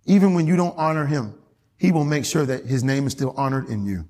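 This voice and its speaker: A man's voice: medium pitch, animated, brisk, darkish tone. A man preaching a fervent, emphatic sermon as pastor, reading scripture aloud to his church. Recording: long reverb in a church hall.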